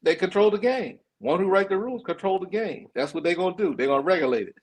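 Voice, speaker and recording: Older man, animated and laughing. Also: high-pitched, quick pace, slightly rough. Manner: animated, laughing, acts out quotes. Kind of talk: casual podcast talk.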